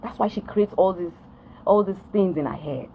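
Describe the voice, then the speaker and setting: A woman's voice: medium pitch, normal speed, warm tone, slight background noise, low-quality recording. A Nigerian woman ranting straight to camera for her followers, emphatic and repetitive, often asking if they understand. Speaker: vlogger addressing followers. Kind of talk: direct-to-camera rant.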